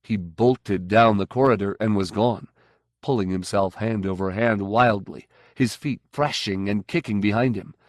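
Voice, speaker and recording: A man narrating a science fiction audiobook in a measured, even way. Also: fairly low pitch, no room sound, clean studio sound. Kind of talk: scripted narration.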